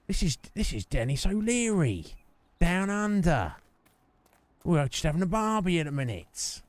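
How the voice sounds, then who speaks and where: A man's voice: high voice, big pitch swings, unhurried, no room sound, voice pushed up. A man putting on an exaggerated, jokey Australian accent as a cheerful bloke on the phone. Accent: put-on Australian. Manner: exaggerated, sing-song jokey impression.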